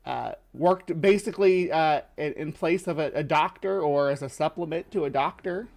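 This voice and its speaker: A man with a lower Midwestern accent hosts a show, giving casual commentary as he reacts to a video, rambling with many fillers and restarts. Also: normal speed, vocal fry, a little mellow. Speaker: host.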